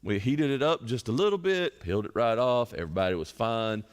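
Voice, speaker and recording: A middle-aged male pastor teaching a Bible study in a relaxed, conversational sermon. He talks at a middle pitch and leans on homely stories to make his points. His voice carries a long reverb from a church hall. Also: fairly quick, clear, resonant tone. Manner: folksy storytelling with illustrations.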